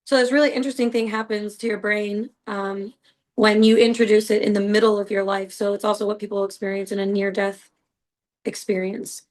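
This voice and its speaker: A woman's voice: mid-range voice, level tone, fairly quick, rough recording. Earnest rambling woman podcast host. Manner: earnest, rambling, heavy use of "like" and "you know". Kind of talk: casual personal storytelling.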